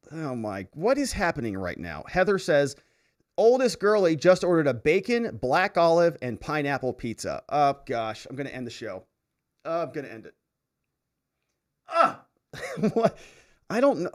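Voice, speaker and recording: A man hosting a live stream, reading viewer comments aloud and reacting with frequent laughter and exclamations. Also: a little high. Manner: animated, laughs often, reacts loudly to comments. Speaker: livestream host reading viewer chats. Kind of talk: casual live-stream chat.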